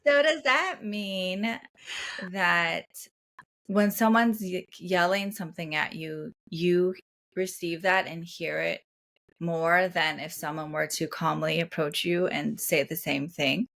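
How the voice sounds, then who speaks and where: A woman co-hosting a podcast in a casual chat, speaking calmly and softly in a reflective way. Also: on the low side, slow, creaky. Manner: calm, soft-spoken, reflective. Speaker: podcast co-host.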